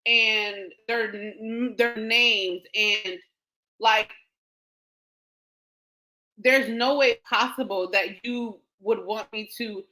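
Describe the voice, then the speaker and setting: Bright, lively woman telling a story. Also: fairly high pitch, low-quality recording. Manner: animated, laughing often, quotes others in dialogue. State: emotional, near tears. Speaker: podcast host. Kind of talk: casual storytelling.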